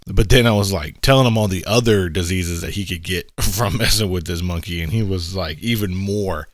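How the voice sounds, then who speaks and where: A man's voice: low voice, moderate pace, dry recording, studio quality. A man in his thirties hosting a podcast, telling a story casually and acting out the voices in it. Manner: animated, acts out quoted voices, laughs while telling. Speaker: podcast host.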